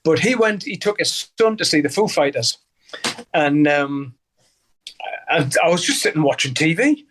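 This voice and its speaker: A man's voice: on the high side, animated, normal speed, long pauses, fairly bright tone, a little hiss or hum. Older Geordie man, salty and laughing. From Newcastle, England. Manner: swears freely, laughs often, acts out voices in anecdotes. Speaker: guest musician. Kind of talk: casual interview storytelling.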